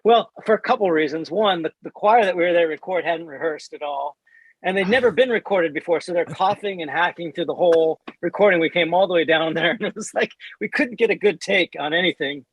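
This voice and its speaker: A man, a band's bassist, recalling past recording work in a relaxed podcast interview. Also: fairly quick, husky, no echo, poor audio. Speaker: band bassist.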